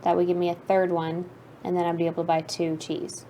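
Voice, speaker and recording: A woman's voice: lowish voice, completely flat delivery, a little fast, warm tone, dull audio, a little hiss or hum. A woman playing a board game, talking through her next moves aloud in casual chat. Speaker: player on a board game stream.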